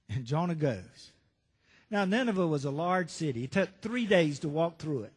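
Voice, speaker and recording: A man's voice: on the high side, lively intonation, moderate pace, husky. A male pastor preaching a sermon, telling Bible stories and asking the congregation rhetorical questions. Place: church sanctuary. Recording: reverberant church hall.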